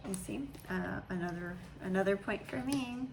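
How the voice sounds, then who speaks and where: Chatty young mom telling stories. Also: female voice, mid-range voice, normal speed, vocal fry, slight background noise, poor audio. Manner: chatty, animated storytelling with imitations. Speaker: mother, channel host. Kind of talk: casual chat.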